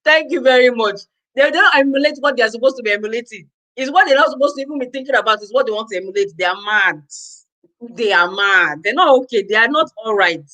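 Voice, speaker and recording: A woman's voice: fairly high pitch, lively intonation, fast talker, bright, forceful tone, low-quality recording. A Nigerian woman vlogging to her viewers, ranting in an exasperated, exclamatory way, with lots of repetition. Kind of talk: casual ranting commentary to viewers.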